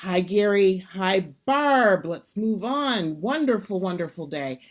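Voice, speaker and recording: A woman's voice: mid-range voice, animated, slow. A woman hosting an online sing-along, cheerfully greeting a long list of viewers by name. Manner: cheerful, rattling off names. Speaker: host.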